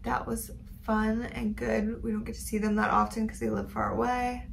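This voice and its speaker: A woman's voice: fairly high pitch, little pitch movement, moderate pace, gravelly. Chatty young woman vlogging amid background noise. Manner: chatty, upbeat, full of "like" and "um". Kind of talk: casual vlog chat.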